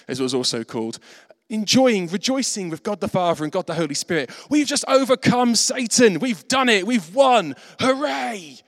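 A man preaching a sermon, animated and self-mocking, acting out the voices in his stories. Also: sits high. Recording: reverberant hall.

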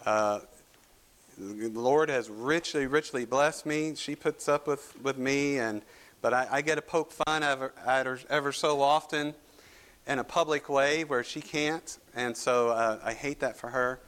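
In a church sanctuary, a Kentucky pastor preaches with an unhurried, medium-pitched, fairly bright voice. His sermon opens with folksy storytelling and southern turns of phrase, then moves to a scripture reading and prayer.

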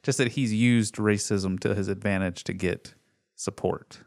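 A man's voice: lowish voice, steady tone, a little slow, a little mellow, no echo. A man co-hosting a casual podcast chat, giving wry, dry commentary. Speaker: podcast co-host.

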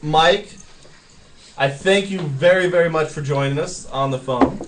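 A man's voice: a little high, measured pace, very noisy. A man hosting a podcast in casual chat, teasing his guests and rambling with lots of fillers. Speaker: podcast host.

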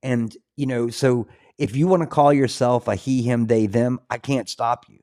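A man's voice: medium pitch, fairly even intonation, normal speed, mellow. A man hosting a talk show, speaking earnestly with frequent restarts and fillers.

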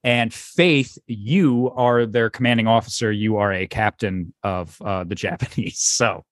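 A man's voice: lowish voice, measured pace, no echo, studio quality. A man hosting a casual podcast, rambling through the setup of an improv game with fillers and laughs. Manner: rambling, laughs between phrases, lots of fillers. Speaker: host. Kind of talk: casual podcast chat, setting up improv skits.

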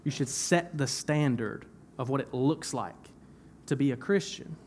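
A man's voice: mid-range voice, unhurried, darkish tone, a little hiss or hum. A young man preaching a sermon in church, talking conversationally, repeating phrases for emphasis and laughing at himself now and then. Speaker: pastor.

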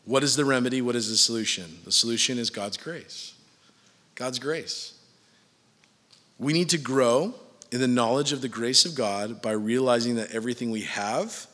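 A man's voice: mid-range voice, fairly bright tone, in a large hall. A man preaching a sermon in a church, casual and joking with his listeners between points. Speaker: pastor.

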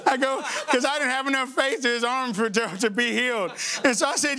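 A male pastor preaching a sermon, telling a funny personal story in a lively, conversational way before building into preaching. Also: extremely high pitch, brisk, few pauses, a crowd in the background.

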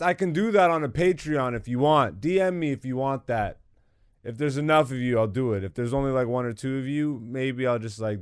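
A man's voice: medium pitch, a little fast, smooth, no echo. A man hosting his own podcast in a studio, riffing alone in a goofy, profane, joking way into a studio microphone. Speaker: podcast host. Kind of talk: casual comedic solo monologue.

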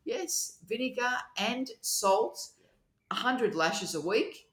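A woman chats with gleeful excitement, and her pitch swings widely as she talks. The room is echoey, like an apartment. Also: takes it slowly. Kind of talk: casual chat. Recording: roomy echo.

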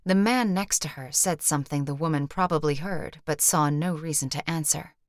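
A woman narrates an audiobook with a low-pitched voice. She tells the story in a measured, even way. The recording is dry with no room sound. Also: no room sound. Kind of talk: scripted narration.

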